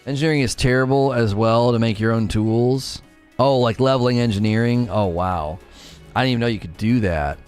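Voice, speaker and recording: A man in casual live-stream chat while gaming, reading viewer comments aloud and answering them, sometimes talking very fast. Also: medium pitch, darkish tone, smooth, faint music behind. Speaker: game streamer.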